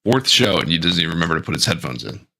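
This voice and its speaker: A man's voice: low voice, big pitch swings, rapid-fire, creaky, sharp tone. A man co-hosting a podcast, chatting casually and teasing his co-host over a home mic. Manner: jokey, teasing. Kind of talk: casual chat. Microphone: home microphone over a call.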